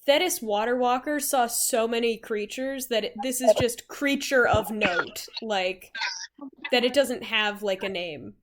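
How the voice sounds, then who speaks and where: A woman's voice: a little high, a little slow, noisy background. Rambling woman game master. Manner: rambling, filler-heavy. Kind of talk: casual tabletop game chat.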